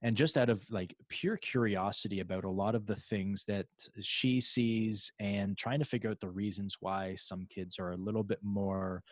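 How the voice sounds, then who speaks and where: A podcast host conducts an interview in a casual, rambling way, with frequent restarts and fillers. His voice is fairly low with mostly even intonation, and he talks at a normal speed with few pauses on a dry recording.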